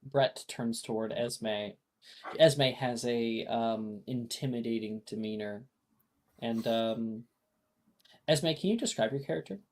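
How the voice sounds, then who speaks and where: The game master narrating a tabletop game over a video call, with lots of pauses and fillers. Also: medium pitch, darkish tone. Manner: unhurried, filler-heavy narration.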